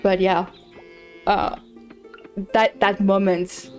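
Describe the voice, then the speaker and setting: A woman's voice: mid-range voice, level tone, extremely slow, a little mellow, soft background music. A woman streamer chatting casually while playing a farming game, telling a story with many restarts and repeats.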